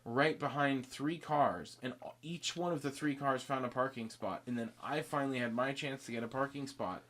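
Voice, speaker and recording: A man's voice: medium pitch, normal speed, fairly bright tone. Rambling man telling a story. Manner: rambling, self-interrupting, acts out both sides of dialogue. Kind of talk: casual storytelling chat.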